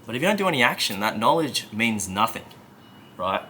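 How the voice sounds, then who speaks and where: Bright-voiced man giving motivational coaching. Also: medium pitch, sing-song, fairly quick, slight background noise. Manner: emphatic, conversational, keeps checking in with "right?". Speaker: self-help coach.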